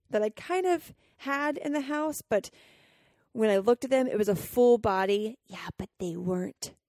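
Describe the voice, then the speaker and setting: A woman's voice: mid-range voice, a little mellow, no echo, studio quality. A woman hosting a podcast, telling a personal story earnestly and emotionally, acting out her own inner dialogue. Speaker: podcast host and coach.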